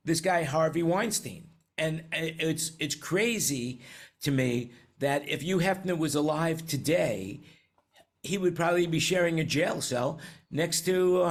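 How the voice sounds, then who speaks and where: Older man, from New York, host, rambling chatty talk, slightly high voice, video call. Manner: rambling, chatty, with many restarts. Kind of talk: casual panel chat on current events.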